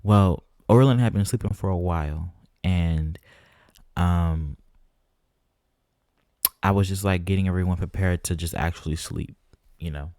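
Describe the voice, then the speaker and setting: Gaming host, male, low and mellow, dry close sound, chatty with viewers. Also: a little slow, pauses often, no room sound. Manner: chatty, keeps addressing viewers as "guys". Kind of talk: casual gameplay commentary.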